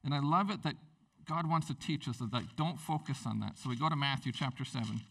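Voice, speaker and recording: A tired man preaching a sermon in an animated, rambling way, jumping up in pitch to stress his points. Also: brisk, gravelly, far from the mic, poor audio. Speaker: pastor.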